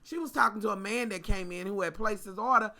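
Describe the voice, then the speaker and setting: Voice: medium pitch, fast talker, sharp tone. A vlogger, ranting in a sassy, profane way straight to the viewers in a casual storytime. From Kentucky.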